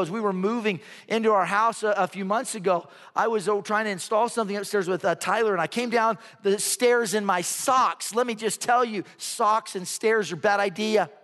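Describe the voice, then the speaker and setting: A man preaching a sermon as a pastor, telling a story with lively asides. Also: extremely high pitch. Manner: storytelling, animated, acts out voices. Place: church sanctuary. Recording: hall reverb.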